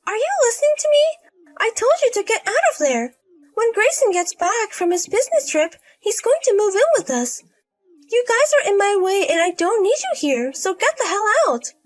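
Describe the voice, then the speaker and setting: A woman voicing a bossy, spiteful pregnant young sister-in-law who yells insults in a storybook. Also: very high-pitched, very animated, moderate pace, voice pushed up. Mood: scornful. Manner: scornful, yelling insults.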